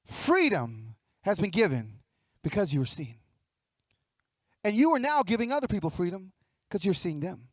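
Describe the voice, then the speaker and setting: Keynote speaker, male, high voice, dry sound, animated storyteller who acts out dialogue. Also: normal speed, no room sound. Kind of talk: motivational storytelling speech. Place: luncheon event hall.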